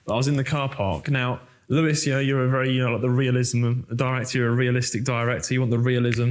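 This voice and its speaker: A young man, an actor hosting a chat and telling lively set stories. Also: medium pitch, quick pace. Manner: animated storyteller, many fillers. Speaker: actor and host. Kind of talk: casual interview chat.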